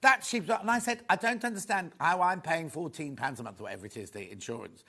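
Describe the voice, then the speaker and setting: A man presenting a live shopping show in a studio, chatty and rambling with quick asides. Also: fairly high pitch, gravelly, pushed and bright, breathy edge. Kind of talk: live selling chat.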